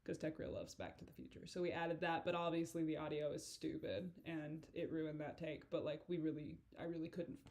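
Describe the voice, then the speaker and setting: A woman's voice: low voice, fairly quick, hardly any pauses, darkish tone. A woman giving a casual director's commentary on her own video, rambling, giggling and swearing freely.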